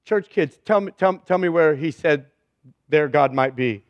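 A man's voice: on the high side, a little slow, no room sound, highs cut off. A man preaching a humorous, conversational sermon as pastor, joking and emphatic.

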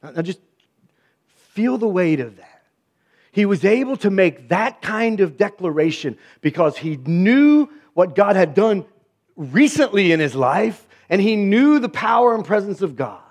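High-voiced wry preacher, man. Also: very animated, measured pace, a little mellow. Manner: wry, sarcastic, chuckling, big swings in pitch and volume. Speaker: pastor. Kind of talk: sermon.

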